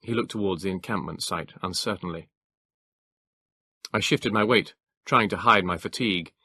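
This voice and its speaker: Male audiobook narrator, low and bright, measured delivery, dry close sound. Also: husky, no echo.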